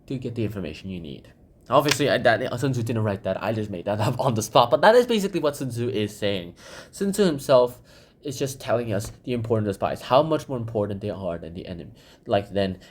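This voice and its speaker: A man's voice: on the low side, slight background noise. A man hosting a book summary channel, talking casually in a rambling way with lots of fillers.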